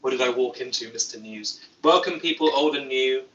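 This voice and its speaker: A man's voice: mid-range voice, brisk, a bit bright, echoey room, distant mic, lo-fi sound, a little hiss or hum. A young British man hosting a casual livestream, reading chat aloud with dry, self-mocking humor. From Britain. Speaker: YouTube host. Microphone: phone.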